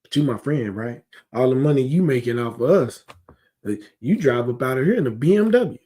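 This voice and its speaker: A man's voice: medium pitch, lively intonation, fairly quick, warm tone. A man teaching a scripture class in a heated, conversational way, often asking rhetorical questions and drifting into digressions.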